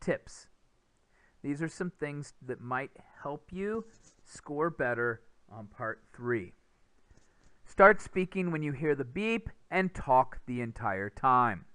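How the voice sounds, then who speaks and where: A man's voice: medium pitch, animated, slow, a bit bright, clean tone, no echo. A man giving a recorded lesson over slides on speaking-test skills, explaining step by step and sounding out speech rhythm with nonsense syllables. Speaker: English test teacher.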